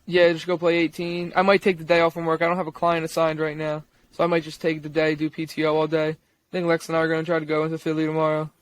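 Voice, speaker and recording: A young man co-hosting a podcast, chatting casually in a relaxed, rambling way with plenty of slang. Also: on the high side, quick pace. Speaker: podcast co-host. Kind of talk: casual chat.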